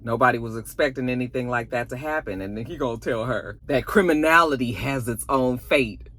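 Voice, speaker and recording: A woman recapping a TV episode in a casual, animated and profane way, acting out what the characters say. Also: rumbling low, fairly quick. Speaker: TV episode reviewer.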